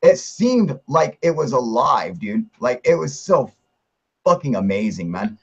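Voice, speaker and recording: Excited, swearing young man with a husky voice. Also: medium pitch, a little slow. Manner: excited, heavy swearing, filler-laden rambling. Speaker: show host telling his sighting. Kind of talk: casual storytelling on a live chat stream. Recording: muffled lo-fi stream audio.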